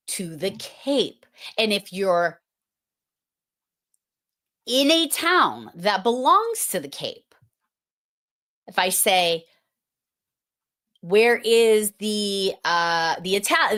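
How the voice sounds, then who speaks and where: Slow-talking woman hosting a livestream. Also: mid-range voice, lively intonation, a bit bright. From Massachusetts. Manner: playful, teasing, talks to the chat. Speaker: livestream host. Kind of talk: casual livestream chat.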